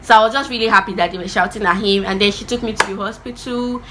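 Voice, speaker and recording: A young adult woman telling a personal story in a casual vlog, animated and acting out the voices of the people in it. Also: mid-range voice, quick pace, background noise. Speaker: vlogger.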